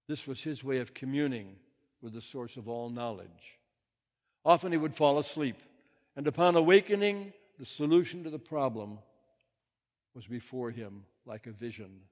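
Male minister, reflective sermon delivery, medium pitch, long hall reverb. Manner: gentle, reflective, reads quotes and poems with rising intensity. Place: church sanctuary.

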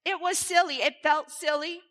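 Bright high-voiced woman preaching in a hall. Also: normal speed. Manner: animated, playful, leads the congregation. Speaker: minister. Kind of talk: sermon. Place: church sanctuary. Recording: reverberant church hall.

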